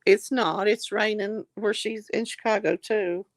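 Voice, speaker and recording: Speaking a little slowly in a steady, medium-pitched voice, a middle-aged Southern US woman chats on her livestream. She reads viewer comments with warm affection, calling them honey and darling, and there's no room sound.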